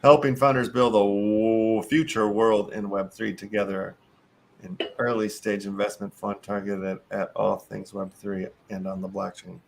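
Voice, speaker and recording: A man's voice: lowish voice, level tone, moderate pace, creaky, slight background noise. A man with a Chicago accent hosting a casual show, reading articles aloud, cursing and tripping over long words. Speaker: show host.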